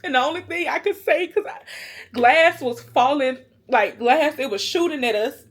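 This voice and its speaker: A woman vlogger telling a personal story to her viewers in a casual, animated, emotional way. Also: high-pitched, moderate pace. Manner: animated, colloquial, emotional retelling.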